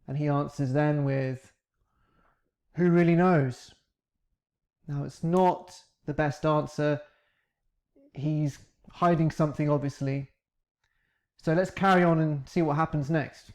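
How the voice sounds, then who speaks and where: A man teaching English, calmly breaking down the grammar of questions he asked in a recorded interview. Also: a little high, slow pace, pauses often. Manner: calm, reflective, breaks down grammar step by step.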